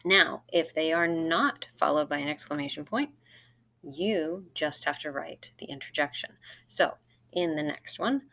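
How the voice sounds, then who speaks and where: Woman teacher going over grammar slides, friendly and patient, lowish voice. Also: measured pace, fairly bright tone. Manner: friendly, explaining step by step with acted example lines.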